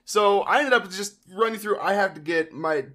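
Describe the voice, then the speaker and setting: A woman's voice: medium pitch, normal speed, a bit bright. A young woman in her twenties, chatting on a podcast in a blunt, joking way. She swears casually and speaks with an easy, offhand manner. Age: 20s. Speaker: podcast co-host. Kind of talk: casual chat.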